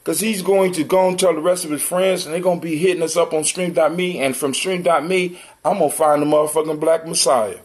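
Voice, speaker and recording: High-voiced man ranting, profane and mocking. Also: steady tone, brisk, few pauses. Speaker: livestream host. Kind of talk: heated livestream rant.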